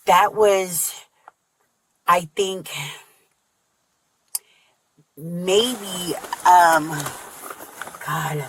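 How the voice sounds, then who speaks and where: A woman answering a police officer's questions, halting often with fillers and restarts. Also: lowish voice, rough recording. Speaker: witness being interviewed. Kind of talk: recorded police interview. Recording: bodycam audio with background noise.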